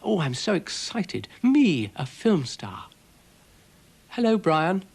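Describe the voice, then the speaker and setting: A British man voicing a sweet, excitable young girl in a children's cartoon. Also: high voice, slow, slightly rough, voice pushed up, exaggerated voice. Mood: eager. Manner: eager, sweet.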